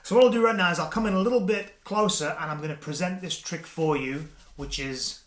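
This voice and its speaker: An Australian man talks through a magic trick in a chatty, self-deprecating way, his voice sitting a little high for a man. The room around him is echoey, as if he's alone at a camera indoors. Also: fairly quick, slight background noise. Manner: chatty, self-deprecating, performs patter with raised energy. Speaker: magic product reviewer. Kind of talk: casual product review with demonstration.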